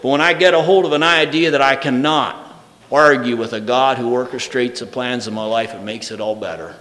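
A man preaching a sermon. He reads scripture aloud, then shifts between loud, emphatic proclamation and soft, intimate speech. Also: medium pitch, fairly quick. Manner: reads scripture aloud in old-fashioned wording. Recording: reverberant hall.

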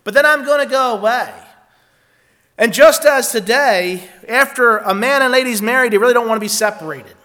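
A man preaching a sermon in an earnest way, reading scripture aloud and moving between loud emphatic stretches and quiet ones. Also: very high-pitched, moderate pace.

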